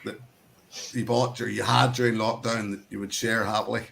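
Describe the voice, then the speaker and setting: A man's voice: fairly low pitch, flat delivery, a little fast, creaky, a bit bright. Rambling Northern Irish man hosting. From Northern Ireland. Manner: rambling, laughs often, swears casually. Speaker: host of online whisky tasting. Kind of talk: casual video-call chat. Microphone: video call.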